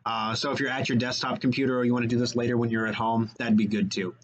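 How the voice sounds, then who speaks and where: Radio host guy talking a mile a minute, energetic, kinda muffled sound. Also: medium pitch. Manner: fast, energetic, self-correcting. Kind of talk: casual radio chat.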